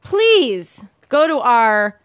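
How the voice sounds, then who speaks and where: A woman's voice: a little high, sing-song, extremely slow. A young woman hosting a podcast, teasing her co-host and swearing freely in casual chat. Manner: bossy, teasing, swears a lot.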